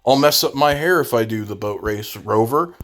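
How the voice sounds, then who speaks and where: A man voicing a whiny, self-centered young male game character in a mocking, hurried way. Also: mid-range voice, expressive, fairly bright tone, natural voice.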